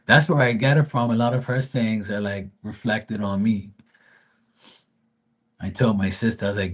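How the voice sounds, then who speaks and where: A man's voice: on the low side, steady tone, moderate pace, pauses often. A man giving tarot readings on a casual live stream, joking, rambling and swearing freely.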